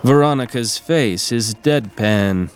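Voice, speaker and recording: A man narrates an audio drama in a steady, even voice of medium pitch. Faint music runs under him. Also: slow pace, clean tone. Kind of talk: scripted narration.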